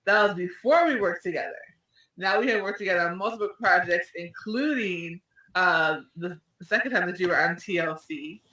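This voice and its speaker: A woman's voice: lowish voice, moderate pace, bright, forceful tone. A woman hosting an online radio interview, talking in an effusive, emotional way with many restarts. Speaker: radio show host. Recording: echoey room, distant mic.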